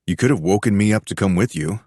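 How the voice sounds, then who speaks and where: A woman reading an audiobook, voicing a gruff, irritated young man who snaps and demands. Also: very deep voice, quick pace, warm tone, no echo, studio quality, pitched below the performer's own voice. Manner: snapping, demanding.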